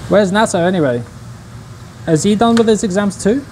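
A man's voice: sits high, normal speed, darkish tone, a little hiss or hum, poor audio. A young man casually chatting to his viewers while he cooks on a livestream, in a laid-back, slangy way. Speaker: streamer. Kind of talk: casual cooking livestream chat.

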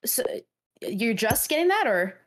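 A woman's voice: fairly high pitch, big pitch swings, measured pace. A woman chatting over a call while racing, giving brief, offhand replies. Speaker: rival racer on a call. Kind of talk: casual chat over a call.

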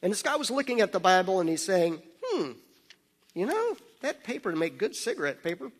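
A man giving a sermon, telling stories with laughter and dropping to a hushed voice for serious parts. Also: sits high, sing-song, a little fast. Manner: anecdotal, laughing, drops to hushed tones for serious moments. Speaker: missionary speaker. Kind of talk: sermon with storytelling. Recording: long hall reverb.

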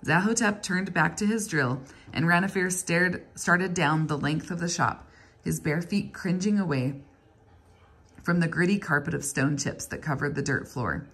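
A woman reading a novel aloud in a steady, even storytelling manner. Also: fairly low pitch, normal speed, breathy edge. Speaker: reader.

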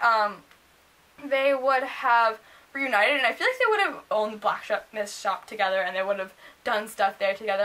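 A teenage girl reviewing a book in a casual vlog, gushing and excitable, bursting into squeals. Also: high-pitched. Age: teens. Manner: gushing, excitable, often acts out the characters in squeals.

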